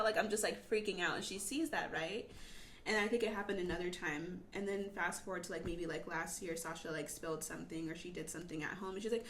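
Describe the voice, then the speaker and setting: A young adult woman, a podcast guest, chatting casually and excitably, dropping into whispers for asides. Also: lowish voice, fast talker. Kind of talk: casual chat. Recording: echoey room with faint noise.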